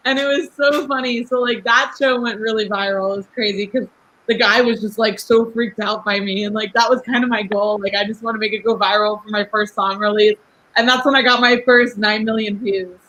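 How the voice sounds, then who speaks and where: A rapper in her twenties appears as a guest on a casual podcast, chatting fast, laughing often, and speaking outspokenly with lots of "like." Her mid-range voice sounds pushed and bright with fairly even intonation, on a low-quality recording.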